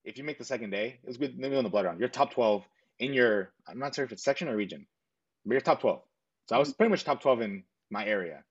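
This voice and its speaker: In a muffled recording, a young man being interviewed tells his own story with quick, animated energy in a husky, mid-range voice. He's earnest and rambling, leaning on fillers and quoting the back-and-forth.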